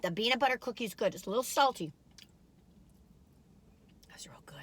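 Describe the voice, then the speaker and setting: A woman's voice: fairly high pitch, animated, moderate pace, husky. A middle-aged woman chatting casually while taste-testing food, rambling and giggling as she goes. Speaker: food reviewer.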